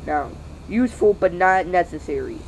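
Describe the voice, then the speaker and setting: A host reading a dictionary aloud, halting and stumbling over words, with weary sighs between entries. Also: medium pitch, lively intonation, creaky, a little hiss or hum, rough recording.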